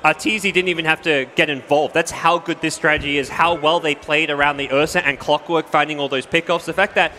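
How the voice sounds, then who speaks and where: A man giving animated, emphatic color commentary as an esports co-caster. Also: a little high, brisk, few pauses, a little hiss or hum.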